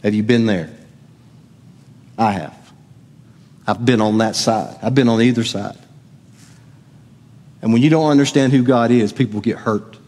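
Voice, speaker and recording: A man's voice: fairly low pitch, a little slow, long pauses, a little mellow. A middle-aged man preaching a sermon as pastor, conversational and asking the congregation questions. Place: church sanctuary. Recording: long hall reverb.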